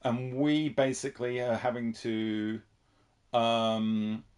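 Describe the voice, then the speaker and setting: A man's voice: medium pitch, little pitch movement, takes it slowly, a little mellow, smooth. A man from the United Kingdom chatting casually while streaming a horror game and reading viewer messages. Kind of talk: casual livestream commentary.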